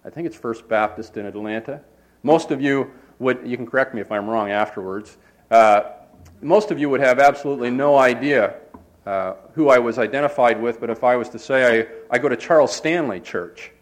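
A pastor preaches from the front of his church. His voice sits at an ordinary middle pitch for a man. He rambles in a relaxed, conversational way, stopping often on uh and restarting his phrases. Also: fairly quick. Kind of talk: sermon. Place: church sanctuary.

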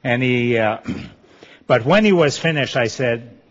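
A middle-aged man from Quebec with a Quebecois French accent, giving a personal Christian testimony in an earnest, halting way with many restarts. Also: medium pitch. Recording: dull lo-fi sound.

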